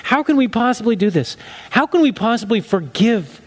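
A man preaching a sermon as a pastor, earnest, rising to emphatic lines and then dropping low and soft. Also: sing-song, moderate pace.

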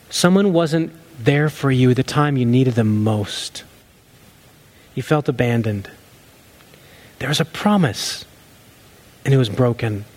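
A man preaching a sermon as a pastor, earnest, rising to emphatic lines and then dropping low and soft.

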